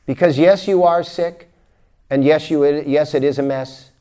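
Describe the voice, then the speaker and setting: A man giving a spiritual lecture as a teacher, telling a story and swinging from quiet murmurs to loud bursts. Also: on the high side, fairly even intonation, measured pace, clean tone. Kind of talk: recorded lecture.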